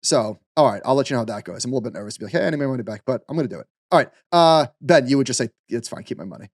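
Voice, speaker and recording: A man co-hosting a podcast rattles through an animated story at a fast clip, full of fillers. His voice is recorded close and dry on the mic. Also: medium pitch, no echo. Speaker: podcast co-host. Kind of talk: casual podcast chat.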